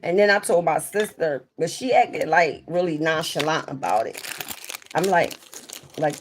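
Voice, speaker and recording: Slow-talking young South Jersey woman. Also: deep voice, animated, a little hiss or hum. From South Jersey, USA. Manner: rambling, candid, slangy. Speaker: livestream host. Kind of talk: casual livestream chat.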